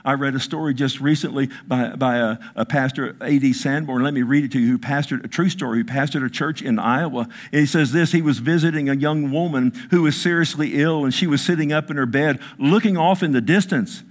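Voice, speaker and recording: A man preaching a sermon, telling stories with emphasis, his voice dropping hushed and then rising, with frequent asides like "listen" and "I mean.". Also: mid-range voice, brisk, hardly any pauses. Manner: storytelling, emphatic, swings between hushed and raised; repeats "listen" and "I mean" as fillers. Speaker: pastor.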